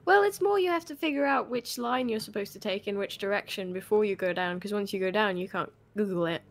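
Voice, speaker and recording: A woman's voice: mid-range voice, a little fast. A woman chatting casually with friends while playing a game, explaining things at length. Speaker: gaming stream co-player. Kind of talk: casual chat while gaming.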